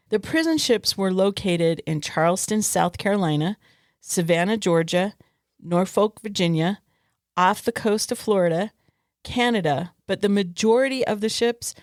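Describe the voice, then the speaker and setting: A woman's voice: mid-range voice, dry recording, clean studio sound. A woman co-hosting a podcast in casual chat with an Arizona accent, earnestly steering the talk back to her topic. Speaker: podcast co-host.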